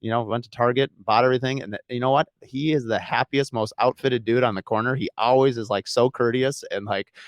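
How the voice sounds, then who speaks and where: A man, a home builder and podcast guest, telling animated stories in casual chat. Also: mid-range voice, dry recording. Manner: fast, animated anecdotes with laughs.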